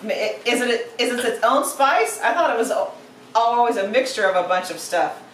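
A woman's voice: a little high, animated, a little fast, roomy sound, recorded from a distance, a little hiss or hum, poor audio. A woman hosting a casual cooking demonstration, chatty and playful as she talks through each step. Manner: chatty and playful, narrates steps aloud. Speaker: cooking show host.

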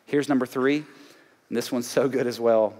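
A man's voice: medium pitch, fairly even intonation, normal speed, a little mellow. A man from Alabama with a Southern accent, preaching a sermon to a congregation with emphatic call-outs. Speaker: pastor. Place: large church auditorium. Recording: long hall reverb.

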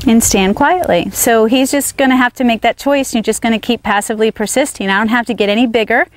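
A woman's voice: fairly high pitch, fast. A woman horse trainer giving a riding demonstration outdoors, firmly coaxing her horse with short praise while explaining to viewers.

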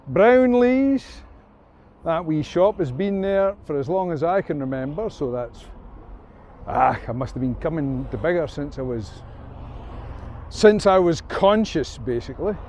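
A Scottish man in his fifties, a travel vlogger giving chatty, playful walking-tour commentary on a small-town high street, with quirky made-up words. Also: darkish tone. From Scotland. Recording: muffled lo-fi street recording.

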